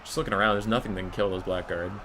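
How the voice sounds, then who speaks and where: A man's voice: sits low, rapid-fire, noisy background. An American man from Minnesota giving joking, casual commentary on a strategy game tournament. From Minnesota, USA. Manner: joking, animated.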